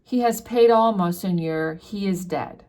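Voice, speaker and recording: A woman's voice: medium pitch, unhurried, a little mellow, natural voice. A woman voicing a grieving poor peasant widow who begs earnestly for help, read aloud from a classic novel. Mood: pleading. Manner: earnest, pleading.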